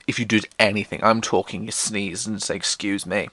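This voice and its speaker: On a podcast, a male host tells comic stories from his own life, irreverent and self-mocking, swearing freely and acting out quotes in jumpy pitch. His tone is steady and a bit bright, his pace fast with hardly any pauses, and there's no echo.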